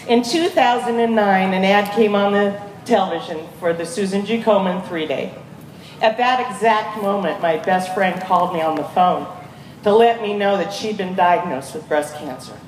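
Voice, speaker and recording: A woman in her fifties giving an energetic, rallying speech as guest speaker at a charity walk, calling out to the crowd. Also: mid-range voice. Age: 50s. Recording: echoey PA from far off, crowd noise.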